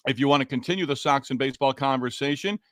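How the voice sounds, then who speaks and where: A man hosting a solo sports podcast, with a voice of middling pitch. He talks straight to listeners with energy and emphasis. The sound is dry and close to the mic. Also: fast, a bit bright, no room sound. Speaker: podcast host.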